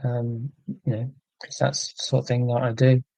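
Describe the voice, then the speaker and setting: A man's voice: mid-range voice, flat delivery, normal speed, gravelly, mellow, dry recording, poor audio. A man chatting casually on a livestream, thinking aloud earnestly with many restarts and answering chat comments. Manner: earnest, rambling musing with frequent restarts.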